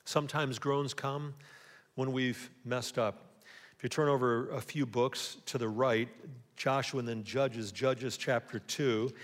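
A man preaching a sermon as pastor, in a conversational way, often pausing to ask the congregation rhetorical questions. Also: medium pitch, fairly even intonation. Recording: long hall reverb.

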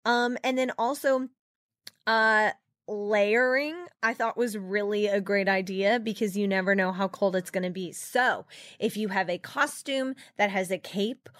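A playful woman from California co-hosts a podcast, chatting in a bright, theatrical manner. Her voice sits at an ordinary pitch and sounds close and dry, with no room around it. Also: no echo. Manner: playful, theatrical, quick to laugh. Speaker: podcast co-host. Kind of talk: casual chat. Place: studio.

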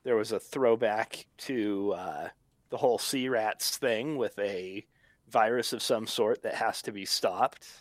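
Slow-talking man on a podcast. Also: fairly low pitch. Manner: short joking interjections. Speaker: podcast panelist. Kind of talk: casual chat.

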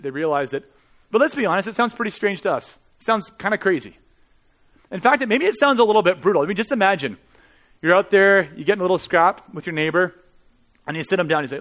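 A man's voice: fairly high pitch, a bit bright. A man preaching a sermon in an earnest, conversational way, with rhetorical questions to the congregation. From Canada. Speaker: pastor.

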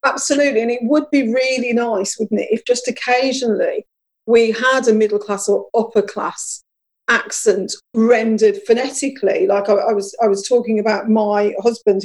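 A woman hosts a relaxed conversation, her voice carrying a noticeable gravelly fry. She speaks a little higher than most women, talks in a chatty, emphatic way, and keeps drawing her guests in with questions. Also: normal speed, rough recording. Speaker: podcast host. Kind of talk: casual discussion.

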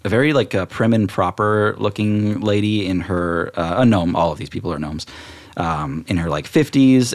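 Man, game master, loose narration full of fillers. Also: deep voice. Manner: casual, filler-heavy, laughing narration.

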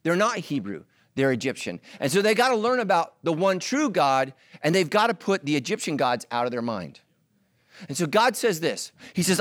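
A middle-aged male pastor preaches with a lively, swinging voice that jumps high and drops low. He mixes teaching with playful asides to his congregation. The sound is close and dry. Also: normal speed, no room sound. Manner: animated, joking asides to the congregation. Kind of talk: sermon.

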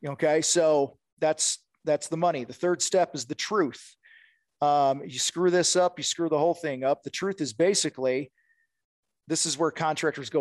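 A man's voice: fairly high pitch, normal speed, no echo. Blunt man coaching sales, dry sound. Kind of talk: casual podcast talk.

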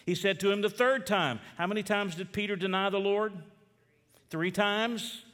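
Preacher, reverberant hall. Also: male voice, moderate pace. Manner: reads scripture and asks the listeners questions; swings from loud emphatic questions to low quiet reading. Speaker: pastor. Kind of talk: sermon. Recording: long reverb of a church hall.

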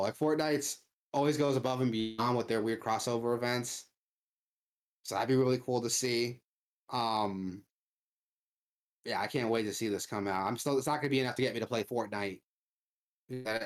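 A man's voice: mid-range voice, fairly even intonation, moderate pace, long pauses. A man co-hosting a casual gaming chat, ranting loosely with lots of swearing and filler "like". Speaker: podcast co-host.

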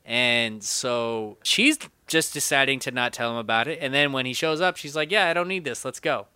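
A man hosting a casual movie podcast, animated and opinionated, swearing now and then. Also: mid-range voice, normal speed, clean tone, no echo. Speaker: podcast host.

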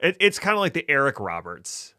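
A man co-hosting a podcast in casual banter, playful and jokey with deadpan bits. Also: medium pitch, fairly quick, no room sound, studio quality. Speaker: podcast co-host.

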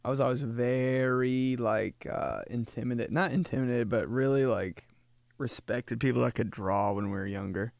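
A young man hosting a podcast, riffing through a casual comedic monologue, laughing often and jumping into high put-on voices when he quotes people. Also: moderate pace, creaky, darkish tone, no echo, studio quality. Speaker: podcast host.

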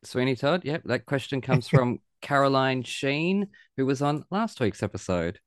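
A bubbly, chatty man hosts a casual podcast interview, his mid-range voice bouncing along at a lively clip. The recording is dry and close, with no room sound around him. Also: mid-range voice, normal speed, no echo. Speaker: podcast host.

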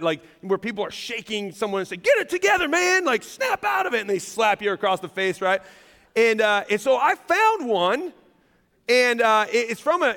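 A man preaching a sermon as pastor, animated and self-deprecating, joking and laughing with his congregation. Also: sits high. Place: large church hall. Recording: long hall reverb.

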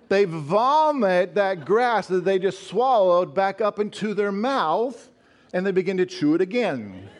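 A middle-aged man preaching with a notably high voice. He presses his points through repetition and questions to the congregation. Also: darkish tone. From northeastern Colorado. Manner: emphatic, repeats phrases, asks the congregation questions. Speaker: pastor. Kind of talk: sermon.

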